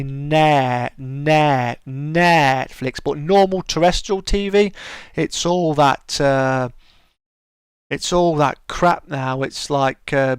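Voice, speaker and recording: A man's voice: medium pitch, clean tone, no room sound. A British man hosting a live stream, chatting casually and answering viewers' comments. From United Kingdom.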